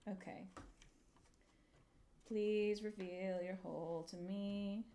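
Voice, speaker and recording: Taking it slowly, this woman speaks in a mid-range voice with a dark tone and fairly even intonation. She's a young adult streaming live as she crafts, muttering, swearing, running herself down and chatting with her audience. There's slight background noise.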